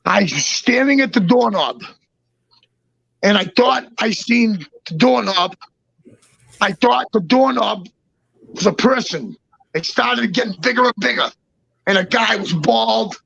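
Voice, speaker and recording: Gravelly man telling a rambling story. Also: high-pitched, fairly bright tone, no echo, lo-fi sound. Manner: halting, with many restarts and repeats; swears freely. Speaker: guest storyteller. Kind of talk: casual storytelling.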